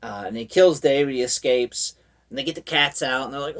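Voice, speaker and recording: A man's voice: medium pitch, brisk, a bit bright, distant mic. A man giving a casual, rambling recap of a horror movie, full of fillers and wry asides.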